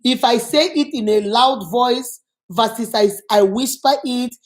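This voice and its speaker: Woman host, somewhat high voice, probing questions, casual chat. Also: measured pace. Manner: probing, repeats and sums up answers.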